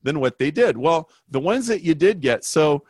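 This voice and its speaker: A man, a business consultant guest, telling a story in an interview with emphatic, animated delivery. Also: fairly high pitch, normal speed, slightly rough, dry recording. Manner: animated, emphatic, acts out quoted voices.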